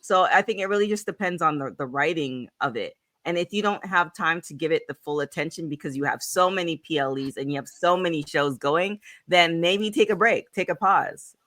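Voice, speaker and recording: A woman hosting a wrestling podcast in casual chat, an animated storyteller with quick asides. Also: low-pitched, dry recording, clean studio sound. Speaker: podcast host.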